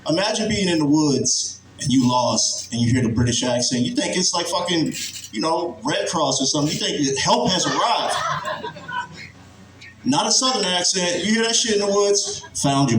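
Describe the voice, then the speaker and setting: A man's voice: fairly high pitch, animated, moderate pace. A man from Virginia doing a casual, profane stand-up set and chuckling at his own jokes. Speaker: stand-up comedian. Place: comedy club stage. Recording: echoey club, distant mic, audience noise.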